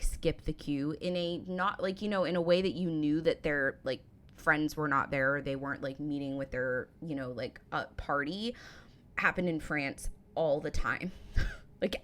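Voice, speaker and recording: A woman's voice: deep voice, a bit bright. An American woman in her thirties, chatting casually and full of fillers as she reacts to a video. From United States. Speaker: reaction channel host.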